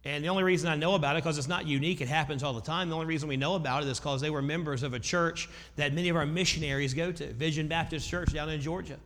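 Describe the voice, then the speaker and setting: High-voiced preacher in a reverberant hall. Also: male voice. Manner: grows loud and intense when voicing prayers. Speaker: pastor. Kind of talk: sermon.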